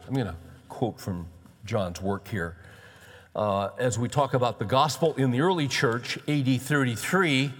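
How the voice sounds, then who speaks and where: A male pastor preaching a sermon in a conversational way, building to animated emphasis. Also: mid-range voice. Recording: long reverb of a large hall.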